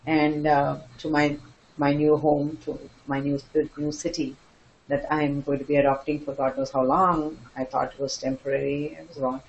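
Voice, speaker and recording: Older woman guest, expressive raconteur who mimics people. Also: low voice, moderate pace, highs cut off. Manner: animated, laughing, acts out quoted voices. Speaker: dance teacher and guest. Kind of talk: storytelling interview answers.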